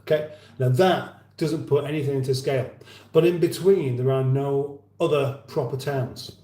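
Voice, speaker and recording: A man's voice: mid-range voice, moderate pace, mellow. A man hosting a casual livestream chat, rambling with dry humour as he reads viewer comments. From England. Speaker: livestream host. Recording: roomy echo.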